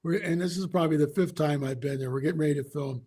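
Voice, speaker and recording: A man as an interview guest, telling a story in an animated way, often restarting his sentences. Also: fairly high pitch, fast, breathy edge. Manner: animated, re-enacts dialogue, frequent restarts.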